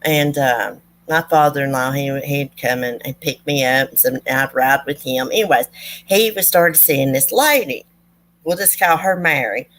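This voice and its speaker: A woman's voice: rumbling low, expressive, moderate pace, a bit bright. A woman telling folksy stories to her viewers in a chatty, rambling way. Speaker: true crime channel host. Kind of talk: casual storytelling to viewers.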